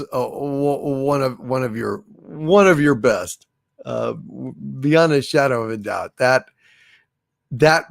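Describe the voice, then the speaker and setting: A man's voice: medium pitch, vocal fry, a bit bright, dry recording, clean studio sound. Rambling man hosting a livestream. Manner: rambling, with many fillers and chuckling asides. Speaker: host of a comedy livestream. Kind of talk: casual livestream chat reading super chats and jokes.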